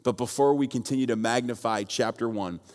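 A man's voice: medium pitch, fairly quick, a little mellow. A man preaching a sermon as pastor, telling a story and acting out both sides of a quarrel. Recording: long hall reverb.

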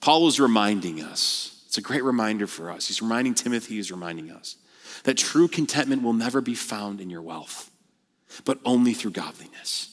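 Lively, blunt preacher man in a hall. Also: lowish voice, moderate pace. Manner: animated, blunt preaching with casual slang. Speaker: pastor. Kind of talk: sermon.

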